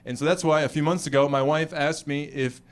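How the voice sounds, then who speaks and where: An American man performing stand-up comedy, animated and acting out other people's voices. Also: fairly high pitch, fairly quick. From United States. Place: comedy club stage before a live audience.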